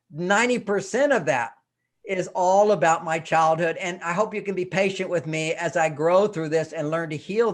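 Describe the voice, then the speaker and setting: An older man, a relationship counselor and guest in an interview, explaining his techniques and acting out little scenes as he talks. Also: high-pitched. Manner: animated storyteller, acts out little scenes.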